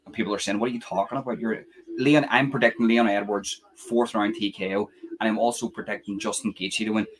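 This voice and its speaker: A young man hosting a live fight reaction stream, rambling chattily with lots of fillers and casual swearing. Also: on the low side.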